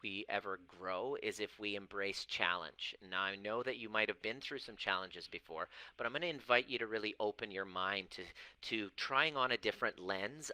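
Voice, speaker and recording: A man in his forties who coaches and used to be a chiropractor, giving a monologue to camera. He stresses words by stretching them slowly and often restarts phrases. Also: lowish voice, sharp tone, clean tone, no room sound, rough recording. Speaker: self-help coach and former chiropractor. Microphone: camera mic.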